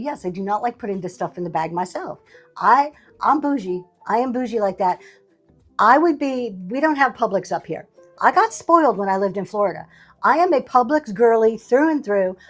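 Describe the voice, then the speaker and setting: A middle-aged woman hosting a livestream sale, chatting casually with a sassy, laughing manner. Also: on the high side. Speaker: livestream seller host. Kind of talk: casual chat.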